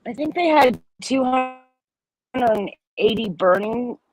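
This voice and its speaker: A woman's voice: fairly high pitch, expressive, takes it slowly, darkish tone, rough recording. A woman chatting with her friends in a talkative, exclaiming way. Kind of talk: casual group chat.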